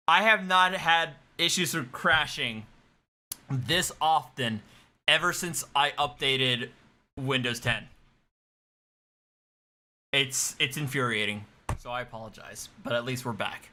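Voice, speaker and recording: A man's voice: medium pitch, slow pace, long pauses, bright, forceful tone. A man hosting a casual commentary video, making wry, exasperated asides. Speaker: commentary host.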